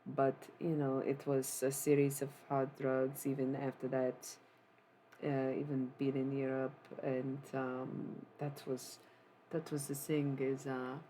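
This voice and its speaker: A self-styled necromancer who streams chats casually with viewers, retelling a singer's life story and tossing rambling, offhand asides to the chat. The voice sits at medium pitch, slow and mellow in a monotone, with a slight hiss or hum in the background.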